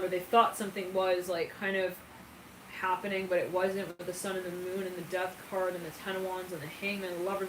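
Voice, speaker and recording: A woman giving a casual, channeled tarot reading in a chatty, giggly way, with frequent asides. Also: fairly low pitch. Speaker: tarot reader. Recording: roomy, distant mic with background noise.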